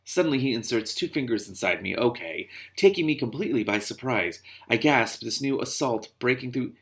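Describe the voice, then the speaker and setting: A man's voice: mid-range voice, animated, a little fast, few pauses. A man reading a novel aloud and breaking off into exasperated, sarcastic commentary. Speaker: reader and commentator.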